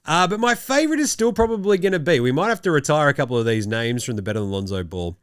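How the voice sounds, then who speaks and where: A man's voice: fairly high pitch, big pitch swings, fast, fairly bright tone, smooth, dry recording, clean studio sound. A young Australian man hosting a casual basketball show, joking as he rattles off stats. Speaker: host. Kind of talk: casual chat.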